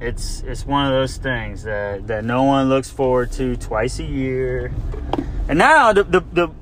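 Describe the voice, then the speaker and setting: Riding in a car, a podcast host delivers an unhurried, comedic rant at medium pitch, rambling with exasperation, repeating "like," and restarting his thoughts. A little hiss or hum runs under the recording.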